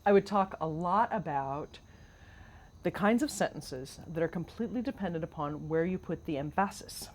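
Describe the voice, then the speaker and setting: A woman co-hosting a podcast, animated and questioning, explaining ideas like a teacher. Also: lowish voice, moderate pace, slight background noise. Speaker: podcast co-host. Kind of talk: casual conversation.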